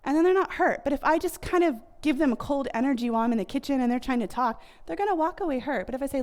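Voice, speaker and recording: Expressive and quick, with few pauses, a high, slightly mellow voice belongs to an American woman in her thirties. She chats casually with an audience about how families communicate, leaning heavily on fillers such as "like" and "you know."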